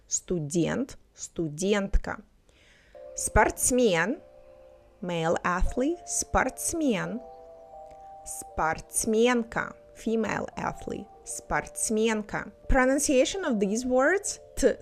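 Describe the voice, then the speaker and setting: Woman, language teacher, careful word-by-word drills, slow repeated pronunciations, faint music behind. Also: medium pitch. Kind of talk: online language lesson.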